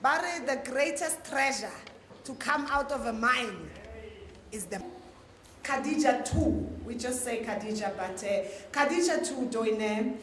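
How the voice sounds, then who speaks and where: A woman hosting a live poetry event, introducing the next performer in an enthusiastic, unhurried manner. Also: fairly high pitch, a little hiss or hum. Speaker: event host. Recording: very echoey hall with audience.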